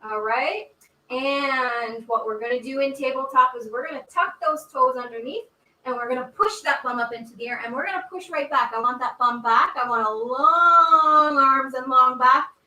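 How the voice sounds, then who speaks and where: A woman cheerfully reads a children's story aloud and encourages kids through yoga poses, recorded indoors on a camera mic. Her high voice sounds pushed and bright at a normal speed. The mic is distant, the room echoey, with slight background noise.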